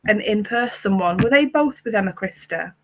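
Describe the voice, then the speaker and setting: A woman's voice: medium pitch, expressive, moderate pace, low-quality recording. A woman hosting a book club interview, speaking in a friendly and encouraging way. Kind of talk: casual interview chat.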